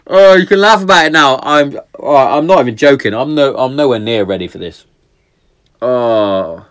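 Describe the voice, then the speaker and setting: A middle-aged man hosting a casual solo podcast from his shed, swearing often, going off on tangents, swinging between loud laughing outbursts and quiet reflection. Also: fairly high pitch, sing-song, slow, pauses often. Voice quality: heavy swearing, rambling and tangent-prone. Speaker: podcast host. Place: garden shed.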